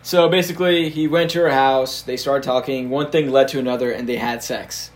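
A man's voice: medium pitch, fairly even intonation, a little fast. A young man co-hosting a casual history podcast, telling the story with fillers and frequent laughter.

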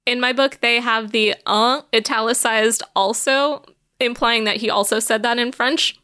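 Wry podcast woman, bright sharp voice, kinda high. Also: fairly even intonation, moderate pace, no echo, clean studio sound. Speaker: podcast co-host. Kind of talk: casual chat.

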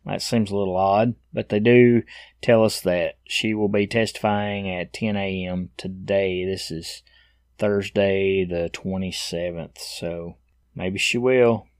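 A man's voice: deep voice, steady tone, slow pace, dry recording, studio quality. A man in middle age giving casual commentary on news headlines, reading each item aloud and then adding blunt, opinionated asides.

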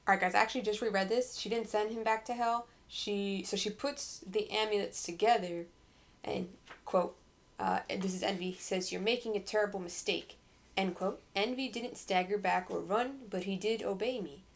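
A woman's voice: medium pitch, steady tone, moderate pace. A woman co-hosting a podcast about a book, chatting casually and reading passages aloud. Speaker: podcast co-host. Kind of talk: casual book-club chat.

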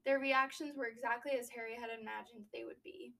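A young woman co-hosting a casual book podcast, recapping a chapter and riffing with quick asides. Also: on the high side, steady tone, gravelly, a bit bright, distant mic, rough recording. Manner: chatty, recaps then riffs with quick asides. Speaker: book discussion podcast host.

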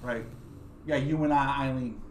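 A man's voice: mid-range voice, moderate pace, a little hiss or hum. A man from upstate New York co-hosting a podcast, swearing freely and ranting in casual banter. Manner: profane, ranting, animated. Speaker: podcast co-host.

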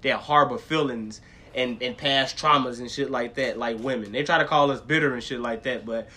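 A man's voice: mid-range voice, moderate pace. A man co-hosting a casual podcast, telling stories with lots of profanity and acting out people he talks about. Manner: animated storytelling with impressions, profane. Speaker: podcast co-host.

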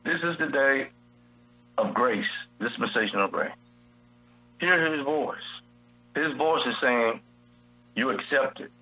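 A man's voice: mid-range voice, slow pace, long pauses, lo-fi sound. A man teaching from the Bible in a preacherly style on a radio show, repeating his key phrases. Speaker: guest preacher.

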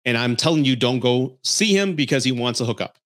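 A male podcast host in a casual, heated rant about dating. He talks bluntly and swears freely, scolding his listeners and breaking into laughter. His voice sits at an ordinary pitch for a man. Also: animated, fairly quick, fairly bright tone. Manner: blunt and profane, laughs often.

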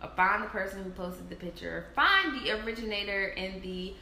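Woman, bright tone, opinionated, emphatic, casual chat, echoey room. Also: mid-range voice, a little fast, vocal fry. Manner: opinionated, emphatic, mimics others in quotes. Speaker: co-host. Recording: echoey room with faint noise.

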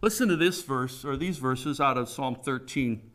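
A man's voice: mid-range voice, moderate pace, fairly bright tone. A middle-aged man preaching a conversational sermon, folksy and emphatic, often putting questions to the congregation.

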